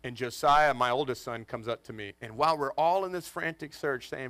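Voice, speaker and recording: A man in his forties, a pastor telling a funny family story to his congregation in an animated, joking way. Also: mid-range voice, a little fast, few pauses, dry recording. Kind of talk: storytelling sermon. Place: church in front of a congregation.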